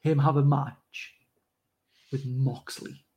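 A man's voice: mid-range voice, little pitch movement, takes it slowly, crowd noise. A man from North East England with a north-east English accent, co-hosting a casual podcast chat and telling rambling stories with laughs. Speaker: podcast co-host.

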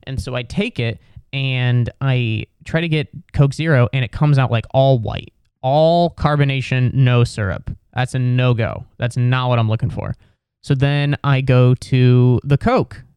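A man's voice: medium pitch, measured pace, a little mellow, smooth, no room sound. A man telling a rambling, exasperated comedic story in a casual, profane rant.

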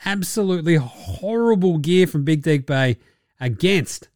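A man with an Australian accent hosting a sports podcast, ranting casually with animated, mocking and sweary banter. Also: on the high side, unhurried, no echo, clean studio sound.

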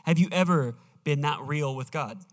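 A male pastor preaching a sermon, emphatic and slowing down as he reads scripture aloud in a church auditorium. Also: a little high. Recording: reverberant hall, live church sound.

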